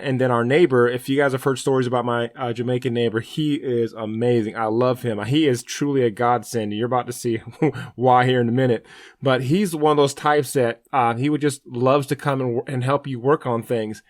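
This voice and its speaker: A man co-hosting a faith broadcast, telling a story in an earnest, rambling way. His voice sits at an ordinary middle pitch. The sound is dry and close, with no room echo. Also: steady tone, brisk. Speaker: radio show co-host.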